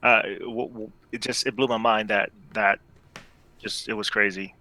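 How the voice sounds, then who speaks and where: A man co-hosting a casual live show, explaining his views at length in a measured way. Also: on the low side, steady tone, sharp tone, rough recording. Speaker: podcast co-host. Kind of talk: casual livestream chat.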